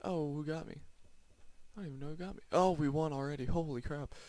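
A man giving excitable live commentary while playing a video game, blurting exclamations as the action unfolds. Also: a little high, fast talker, slight background noise. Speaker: gaming channel host.

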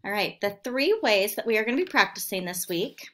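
A woman's voice: medium pitch, lively intonation, fairly quick, a bit bright. A woman teaching a remote phonics lesson to second graders, patiently sounding out words syllable by syllable.

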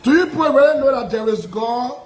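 A man's voice: extremely high pitch, animated, a little fast, reverberant, rough recording. A Liberian man, a self-styled prophet, making an impassioned public address full of repeated rhetorical questions. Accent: Liberian English. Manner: repetitive, aggrieved, rhetorical questions.

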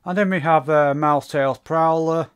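A man's voice: a little high, steady tone, normal speed, clear, resonant tone. A man giving a casual spoken review of a comic book issue, rambling with many fillers and restarts.

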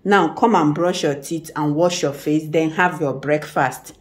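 A Nigerian woman filming a casual family vlog at home, gently coaxing her child and laughing often. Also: low voice, fairly even intonation, a little slow, low-quality recording. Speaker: family vlogger, mother.

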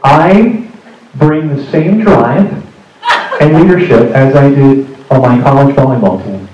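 A young woman's polished résumé, recited slowly in mock earnest, as a man plays her. The voice is slightly raised and sounds far from the mic. The hall is echoey and noisy. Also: mid-range voice, lo-fi sound, close to an everyday voice.

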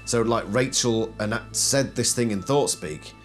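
A man's voice: medium pitch, measured pace, soft background music. A man giving a casual explanatory commentary, posing questions and then answering them himself. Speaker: video essayist.

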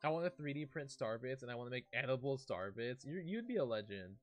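Lively young man reading a storybook aloud. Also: mid-range voice, fast talker, soft background music. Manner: lively, breaks off reading to react and chat. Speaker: streamer. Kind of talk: reading a storybook aloud while chatting on a game stream.

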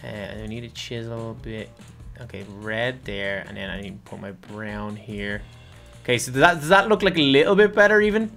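A man chatting casually while playing a building game, thinking aloud and breaking into loud panicky bursts. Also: medium pitch, normal speed, vocal fry, soft background music. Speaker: gaming channel host. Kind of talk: casual gameplay chat.

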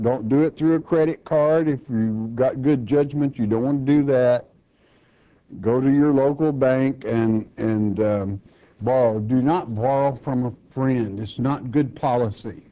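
An older man, teaching a Bible chapter in a homespun, plainspoken way, with halting restarts. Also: mid-range voice. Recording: dull lo-fi recording.

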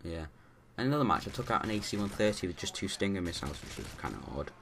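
A man's voice: low voice, lively intonation, fast talker, gravelly, noisy background. A man giving rambling, casual commentary over his own gameplay, full of restarts and fillers.

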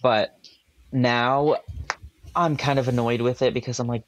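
A young man chatting as a podcast guest, telling relaxed stories and laughing at himself. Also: medium pitch, normal speed, dry recording. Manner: relaxed storytelling, mimics voices with laughs. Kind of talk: casual chat.

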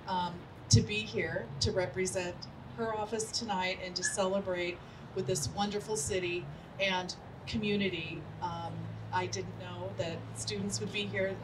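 A woman's voice: medium pitch, level tone, a little slow, recorded from a distance, noisy background. A woman, representing an elected official, giving short heartfelt remarks at a community ceremony. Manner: warm, heartfelt, a little emotional. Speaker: representative of a county supervisor.

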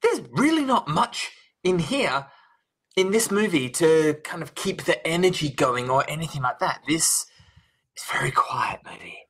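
A man's voice: on the high side, sing-song, measured pace, fairly bright tone, breathy edge. A man co-hosting a film podcast, chatting casually with wry jokes and frequent laughter. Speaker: podcast co-host. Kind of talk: casual film review chat.

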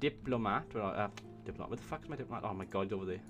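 A man gives excitable gameplay commentary, swearing often and talking to himself as he plays. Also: on the low side, very fast, music in the background. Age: 20s. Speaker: let's play host.

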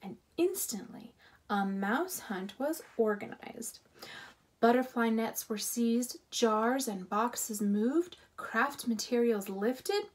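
A woman reads a children's storybook aloud, telling it with expressive, animated delivery. Her voice sits fairly high and moves up and down a great deal. She keeps an unhurried pace, with a slightly husky tone. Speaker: storybook reader.

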